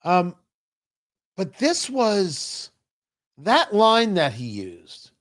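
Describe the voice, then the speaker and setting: A man's voice: high-pitched, wildly swooping pitch, fairly bright tone. A man hosting a political talk show, giving emphatic, opinionated commentary. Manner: emphatic, opinionated, drawn-out pauses for stress.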